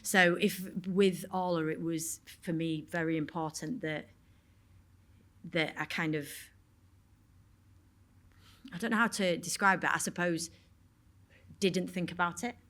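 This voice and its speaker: A woman speaks with a fairly low, steady pitch and a fairly bright tone, unhurried and leaving long pauses. She is an actor with a Yorkshire accent on a panel at a cinema event, answering Q&A questions on stage frankly, rambling, and swearing now and then.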